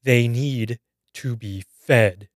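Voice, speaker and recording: A man voicing an older woman who scolds and keeps calling the listener dear, going from calm to shrill. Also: very slow, no room sound, clean studio sound.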